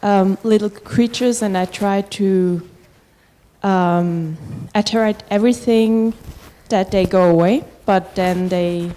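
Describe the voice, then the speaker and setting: Hesitant woman with a mellow voice. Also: medium pitch, steady tone. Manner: hesitant, halting, many fillers. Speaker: audience member asking a question.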